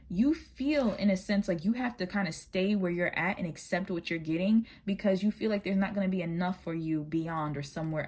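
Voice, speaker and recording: A woman with a fairly low voice talks through a tarot reading in a relaxed, chatty way. She is earnest and direct with the listener, and at times her words tumble out quickly. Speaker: tarot reader. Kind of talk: casual spoken tarot reading.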